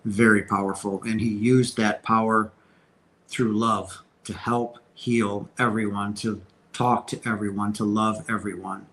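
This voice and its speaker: A man's voice: fairly low pitch, level tone, measured pace, fairly bright tone, rough recording. Earnest man answering viewer questions. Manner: earnest, emphatic spiritual talk with many restarts. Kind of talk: casual Q&A livestream.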